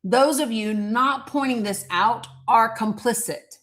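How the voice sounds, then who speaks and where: A woman's voice: on the high side, measured pace, fairly bright tone. A woman hosting a commentary monologue, talking in a heated, blunt way, swearing and reading quotes aloud. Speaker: host.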